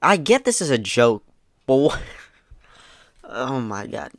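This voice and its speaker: A man's voice: mid-range voice, big pitch swings, slow pace, no room sound. Dry, sarcastic casual male commentator. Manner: laid-back, sarcastic, swears casually, mocks the messages. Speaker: YouTube commentator. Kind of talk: casual commentary reading out online messages.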